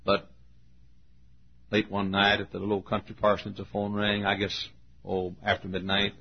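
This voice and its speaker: An older man preaching a sermon, telling a story and acting out the voices, shouting at the high points. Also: moderate pace, creaky, a little hiss or hum. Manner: animated, acts out voices, shouts at peaks. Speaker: pastor. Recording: muffled lo-fi recording.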